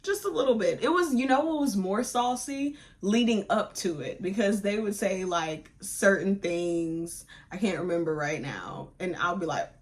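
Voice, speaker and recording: A woman's voice: mid-range voice, moderate pace, hardly any pauses. Chatty woman podcast host retelling a book. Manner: animated, digressive retelling that acts out characters' lines; slangy, informal talk. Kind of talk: casual book review chat.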